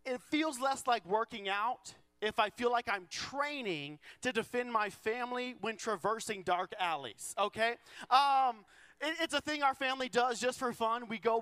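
High-voiced joking pastor, bright and clear. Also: male voice, normal speed, dry recording. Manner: joking, self-deprecating, acts out quoted voices. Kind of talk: sermon with humorous stories. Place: church auditorium.

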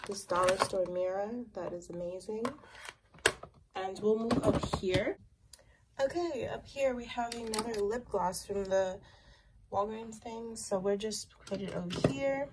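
Young woman beauty vlogger, unhurried rambling chatter, home recording with audible noise. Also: medium pitch. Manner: chatty, rambling, lots of fillers and likes. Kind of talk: casual makeup collection tour.

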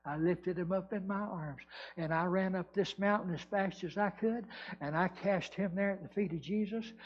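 A man preaching, voicing a solemn grown son whose father lost his legs in war, speaking low and earnest. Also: moderate pace, husky. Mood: somber. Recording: dull lo-fi church recording.

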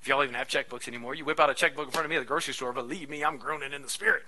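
A man in his thirties, a pastor preaching a sermon in a conversational, animated way with frequent asides. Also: medium pitch, rapid-fire, very noisy.

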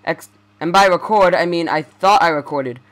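A man's voice: fairly high pitch, moderate pace, fairly bright tone. A young man giving casual let's play commentary, rambling and stammering as he corrects himself.

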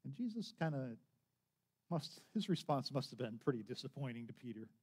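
A man's voice: mid-range voice, sing-song, brisk, darkish tone, slightly rough. A man preaching a sermon as pastor, telling a story conversationally, with frequent restarts and acted-out quotes.

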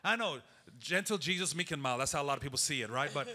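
A man preaching a sermon and reading scripture, repeating phrases for emphasis and dropping to a hushed, intense tone. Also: on the high side, animated, quick pace, big-room sound. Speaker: pastor.

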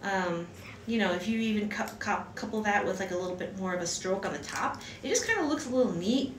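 A woman's voice: mid-range voice, lively intonation, quick pace, recorded from a distance. Chatty woman teaching lettering in a roomy space. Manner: chatty, rambling, many fillers and restarts. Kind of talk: casual livestream lesson. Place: room at home. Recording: echoey room, voice from off-mic.

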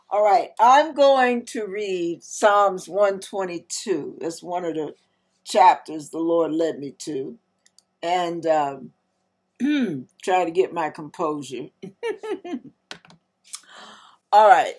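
A woman's voice: mid-range voice, animated, takes it slowly, soft background music. A woman hosting an online ministry, speaking heartfelt and tender as she shares and reads scripture. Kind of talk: devotional scripture teaching.

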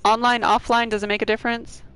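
A woman's voice: fairly high pitch, flat delivery, quick pace, a bit bright, smooth, rough recording. A woman hosting a live game stream, chatting casually with viewers and laughing often.

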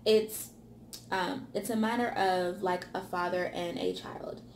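A woman giving a motivational sermon, stacking repeated phrases for emphasis and dropping to a hush on key words. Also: lowish voice, steady tone, measured pace, reverberant, a little hiss or hum. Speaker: ministry speaker.

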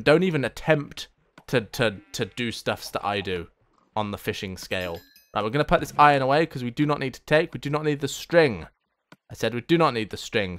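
A young man hosting a gaming channel, giving playful let's-play commentary, chatting to himself and viewers with silly sing-song asides. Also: medium pitch.

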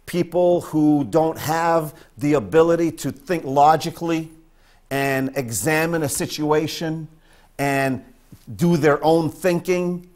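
A man's voice: a little high, takes it slowly, darkish tone. A man from northern Maine preaching a sermon as pastor, emphatic and repeating his points for stress.

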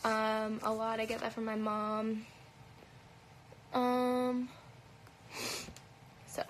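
A woman's voice: on the high side, little pitch movement, extremely slow, slight background noise, low-quality recording. A woman with a light Canadian accent chatting casually on a phone livestream, answering comments in a blunt, profane way with plenty of "um"s and "like"s. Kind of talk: casual live Q&A chat. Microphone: phone held at arm's length.

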